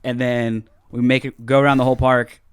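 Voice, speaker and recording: Animated young man telling a story. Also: mid-range voice, brisk, smooth, no room sound, clean studio sound. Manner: animated, acts out quotes loudly, swears a lot. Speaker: podcast co-host. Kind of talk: casual storytelling chat.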